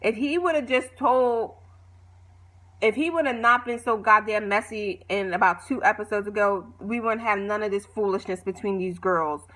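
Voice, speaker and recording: A woman vlogger casually recapping a reality show, animated, opinionated and full of slang. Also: mid-range voice.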